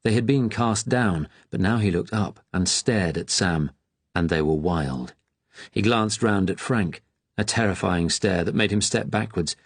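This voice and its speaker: A man reading a novel aloud in a measured, grave manner. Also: low voice, husky, no echo. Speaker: audiobook narrator. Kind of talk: scripted narration.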